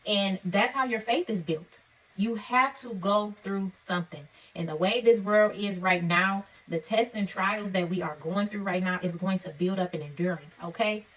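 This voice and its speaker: A woman giving an encouraging faith-based talk to camera, earnest and preacherly, often checking in with her listeners with a quick "okay?". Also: mid-range voice, a bit bright, far from the mic, low-quality recording. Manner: conversational and informal. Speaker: faith vlogger. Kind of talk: encouraging devotional vlog talk.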